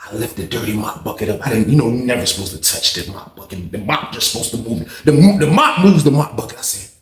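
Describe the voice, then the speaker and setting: A man's voice: mid-range voice, fast, echoey room, crowd noise. A man telling a story in a casual, profane way, acting out his own lines with big jumps in voice. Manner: animated, profane, acts out his own quotes.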